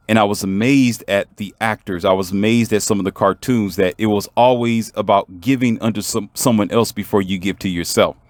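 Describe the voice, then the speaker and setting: A man's voice: on the low side, no room sound. A man telling a story in a motivational monologue, emphatic and preachy, and talking straight to the viewer. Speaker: vlogger.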